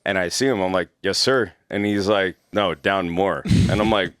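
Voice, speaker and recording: Low-voiced man telling wild stories. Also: moderate pace, clean tone, no echo, studio quality. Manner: animated, laughing, swears freely. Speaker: former executive protection agent. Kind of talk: casual podcast storytelling.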